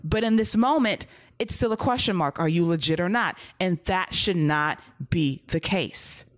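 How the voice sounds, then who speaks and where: A woman's voice: fairly low pitch, normal speed. A woman co-hosting a podcast, giving blunt, direct critique in casual review chat. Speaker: podcast co-host.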